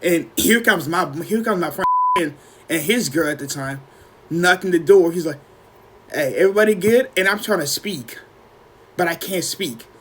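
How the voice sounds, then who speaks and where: A young man with a high-pitched voice tells a long story in a relaxed podcast chat. He acts out what people said, jumping even higher when he quotes them, and keeps clearing his throat. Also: moderate pace. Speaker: podcast co-host.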